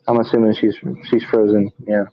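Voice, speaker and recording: Man, live stream host, tired monotone, halting with fillers, low voice, dull lo-fi audio. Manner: halting, many fillers and restarts; monotone, tired from little sleep. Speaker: paranormal investigator and show co-host. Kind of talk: casual live-stream chat.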